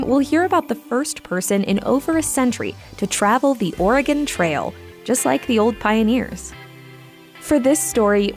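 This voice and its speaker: Woman announcing a public radio show. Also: medium pitch. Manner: crisp, announcer-like. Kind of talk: scripted show introduction.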